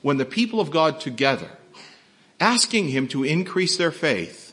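A man's voice: fairly high pitch, sing-song, normal speed, a bit bright, breathy edge. A man preaching a sermon, explaining a Bible passage with emphatic rhetorical questions. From not from Texas. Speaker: pastor.

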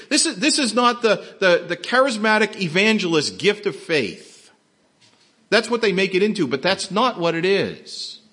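A man's voice: high voice, big pitch swings, moderate pace, pushed and bright. A man preaching a sermon, explaining a Bible passage with emphatic rhetorical questions. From not from Texas. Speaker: pastor.

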